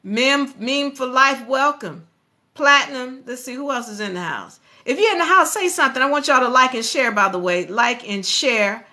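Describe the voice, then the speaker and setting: A woman hosting a motivational live stream, talking in an animated, preachy way and speaking straight to her viewers. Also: sits high, moderate pace.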